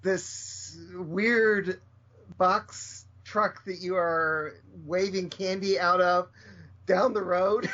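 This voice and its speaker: A man's voice: high-pitched, fairly even intonation, very slow, pushed and bright. An American man teasing his co-host in casual podcast banter, with stumbling restarts. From United States. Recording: muffled lo-fi podcast audio. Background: faint music.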